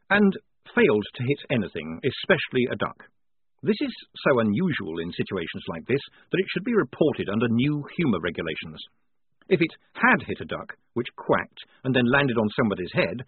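A man's voice: mid-range voice, slightly rough, dry recording. A man reading a story aloud with dry, wry narration, on a thin phone-like recording. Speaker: audiobook narrator. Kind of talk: scripted narration. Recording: narrow phone-like band, dry.

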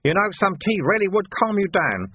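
A man voicing a calm, cheerful, thin old male monk with a gently teasing manner. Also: sits high, a little fast, slightly rough, no echo, pitched above the performer's own voice, heavily acted. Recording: tinny phone-like sound.

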